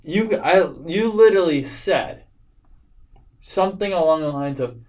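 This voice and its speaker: A man co-hosting a casual podcast, jokey and excitable, often stumbling over his words. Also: on the high side, a little slow, rough recording. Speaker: podcast co-host. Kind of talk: casual chat.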